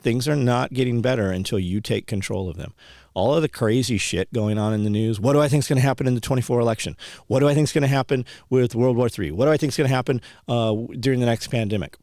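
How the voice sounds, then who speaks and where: A man's voice: medium pitch, fast talker, a little mellow, dry recording, clean studio sound. A man in his thirties or older from California, a homesteading channel host giving a blunt, plain-spoken motivational talk about owning land. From California, USA. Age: 30s or older.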